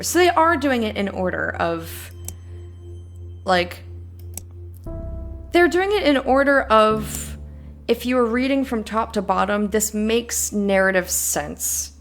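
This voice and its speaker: A woman's voice: a little high, expressive, takes it slowly, pauses often, faint music behind. Giggly young woman streamer reading game text. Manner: chatty, giggly, reads in-game emails aloud with asides. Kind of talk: let's play commentary, reading game text aloud.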